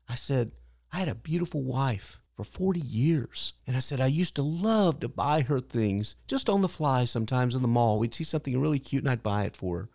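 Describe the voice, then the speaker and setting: A man's voice: medium pitch, lively intonation, a little fast, creaky, a little mellow, dry recording. Older male podcast host, earnest storyteller, dry close sound. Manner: earnest, acts out quotes in a raised voice. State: widowed, grieving but hopeful. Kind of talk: personal storytelling monologue.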